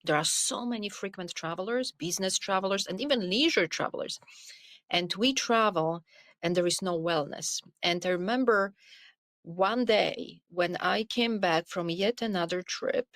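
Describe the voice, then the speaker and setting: Middle-aged woman, podcast guest, earnest and animated storyteller, close dry sound. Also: mid-range voice, moderate pace, dry recording. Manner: earnest, animated storytelling with frequent "you know". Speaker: podcast guest, wellness coach. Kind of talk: conversational interview storytelling.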